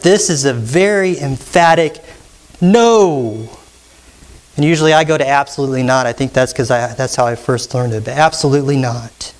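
High-voiced man preaching an emphatic sermon. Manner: emphatic, teacherly, engages congregation with questions. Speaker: pastor. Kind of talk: expository sermon.

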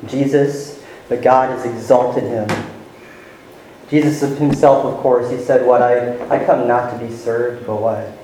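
Male pastor, mid pitch, emphatic verse-by-verse sermon, strong echo. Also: warm tone, slight background noise. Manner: teaching verse by verse, stressing words with rising emphasis. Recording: very echoey room with faint ambience.

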